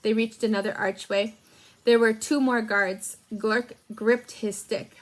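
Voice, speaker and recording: A woman teacher reads a children's chapter book aloud, her voice pitched a little high. She takes a slow, clear storytelling pace. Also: steady tone. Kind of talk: children's read-aloud narration.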